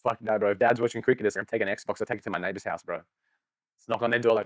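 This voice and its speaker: A man's voice: lowish voice, steady tone, no room sound. A young man, joking and swearing freely in a casual podcast chat. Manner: rapid, joking, swears freely, laughs often.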